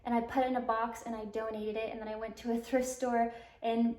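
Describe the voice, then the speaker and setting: A woman in her twenties, raised in Alabama, tells her life story as an interview guest. She rambles, fills her speech with "like" and acts out the dialogue she quotes. Her voice sits fairly high, and the room around her echoes. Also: little pitch movement, brisk, darkish tone. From Alabama, US South.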